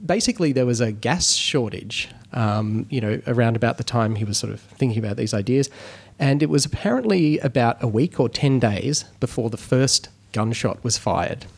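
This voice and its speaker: A man's voice: medium pitch, lively intonation, moderate pace, creaky, breathy edge. An Australian man hosting a casual film discussion, rambling and enthusiastic, often restarting his sentences. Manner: rambling, self-interrupting, enthusiastic. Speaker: host.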